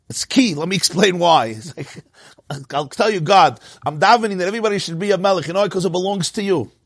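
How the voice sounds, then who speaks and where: Male Torah teacher, fairly high voice, emphatic, repeats lines for effect, dry close sound. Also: a little fast, long pauses, slightly rough, no echo. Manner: emphatic, repeats phrases, laughs between points; mixes in Hebrew and Yiddish terms. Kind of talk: spoken Torah class.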